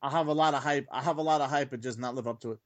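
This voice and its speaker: A man's voice: mid-range voice, very fast, no echo. A man co-hosting a wrestling podcast, goofy and playful in casual chat. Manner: goofy, playful, bursts into silly voices. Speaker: podcast co-host.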